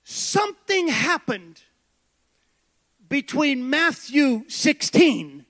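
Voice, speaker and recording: A man preaching a sermon with passion, building to shouted high points. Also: sing-song, extremely slow. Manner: impassioned preaching that swells to shouts.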